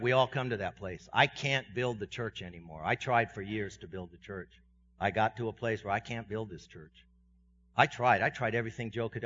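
A pastor preaching a sermon to his congregation in a conversational way, with self-deprecating humor, his voice swinging from loud and high to quiet and low. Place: church sanctuary. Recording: dull sound with long reverb in a church hall.

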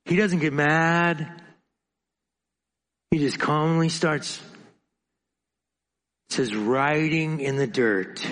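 Bright-voiced preacher in a reverberant hall. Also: male voice, fairly high pitch. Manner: dramatic, swings from loud to quiet. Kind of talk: sermon.

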